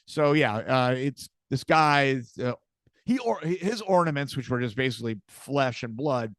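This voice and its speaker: A man hosting a podcast, telling stories in casual chat, halting and repeating words as he goes. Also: mid-range voice, lively intonation, a bit bright, dry recording, studio quality. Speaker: podcast host.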